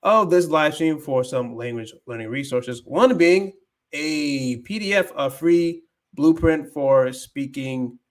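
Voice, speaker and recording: A man's voice: fairly high pitch, expressive, slow pace. Rambling man chatting on a livestream. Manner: rambling, thinking aloud, mixing Spanish phrases. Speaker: livestream host, language learner. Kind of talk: casual livestream chat.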